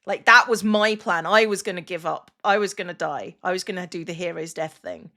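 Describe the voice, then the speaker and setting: A woman's voice: fairly low pitch, steady tone, brisk, gravelly, pushed and bright. A woman, a streamer, chatting casually and emotionally on a livestream. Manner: chatty and emotional, with many restarts and "like" fillers.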